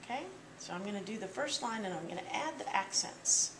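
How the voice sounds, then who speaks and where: A woman's voice: medium pitch, lively intonation, a little fast, far from the mic, noisy background. A woman teaching a percussion lesson, explaining patiently step by step with small fillers. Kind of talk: instructional demonstration. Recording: echoey room, voice off-mic, with drumming.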